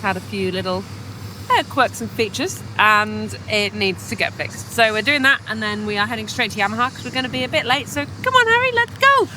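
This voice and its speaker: A woman, a professional saxophonist, chatting excitedly in a casual vlog. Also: medium pitch, a little fast, a little hiss or hum. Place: in a car and out and about.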